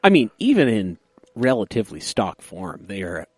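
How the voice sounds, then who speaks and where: A man co-hosting a casual car podcast, who banters quickly and knows his vehicles. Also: on the low side, wildly swooping pitch, slightly rough, dry recording. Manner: quick, knowledgeable, joking banter. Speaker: podcast co-host.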